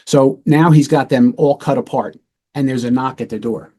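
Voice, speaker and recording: A middle-aged man with a dark, mellow voice tells a true-crime case in a relaxed, matter-of-fact way. He speaks as a former police lieutenant hosting a talk show and briefly acts out the voices of the people in the story. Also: mid-range voice, normal speed. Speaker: retired police lieutenant, podcast host.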